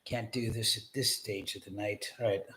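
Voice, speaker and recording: A man's voice: lowish voice, fairly even intonation, normal speed, sharp tone, a little hiss or hum. A man hosting a livestream from his home, wired on caffeine, rambling and swearing giddily. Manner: rambling, profane, giddy. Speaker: livestream host. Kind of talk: casual livestream chat. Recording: echoey room.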